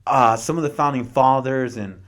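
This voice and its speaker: A man's voice: mid-range voice, moderate pace. A man hosting a podcast, chatting casually about history, reading passages from notes and adding slangy, dramatized asides. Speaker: podcast host.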